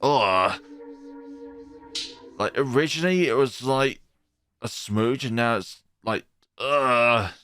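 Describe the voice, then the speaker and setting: A man's voice: medium pitch, takes it slowly, long pauses, sharp tone, faint music behind. A man giving casual let's-play commentary with wry, sarcastic asides. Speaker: gaming YouTuber.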